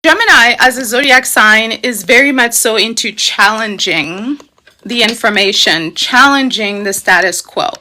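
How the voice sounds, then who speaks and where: A woman hosts a casual astrology talk in a bright, forceful, slightly high voice. She talks in a chatty, emphatic way, checking in often with "okay?" and "you know". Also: a little slow. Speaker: astrology host. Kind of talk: casual explanatory livestream talk.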